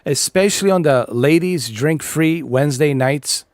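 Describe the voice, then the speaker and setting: A man's voice: a little high, unhurried, no room sound, studio quality. A man hosting a gaming video, ranting casually in a blunt, profane, rambling way with many fillers. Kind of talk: casual rant over gameplay.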